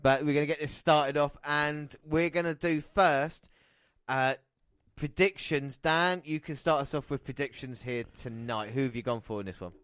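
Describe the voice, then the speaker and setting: A man's voice: a little high, normal speed, a bit bright, smooth, dry recording. A man hosting a podcast, chatting casually and calling match action play by play. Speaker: podcast host. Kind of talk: casual wrestling podcast commentary.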